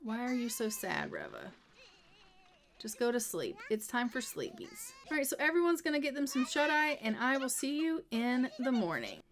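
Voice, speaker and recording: A woman's voice: on the high side, wildly swooping pitch, normal speed, a little hiss or hum. A woman casually narrating her life-sim gameplay, chatty, with wry asides and frequent laughs. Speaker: let's play narrator.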